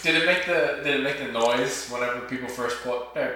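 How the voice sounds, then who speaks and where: A man's voice: medium pitch, brisk, a crowd in the background. A man on a casual podcast who reads out facts he looks up and adds dry quips. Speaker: podcast co-host. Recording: very echoey room.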